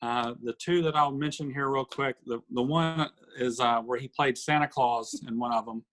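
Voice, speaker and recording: A man co-hosting a casual podcast, telling comedy sketches with lively bursts of acted voices. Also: medium pitch, moderate pace, rough recording. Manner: animated storyteller acting out sketch lines. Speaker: podcast co-host. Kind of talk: casual chat.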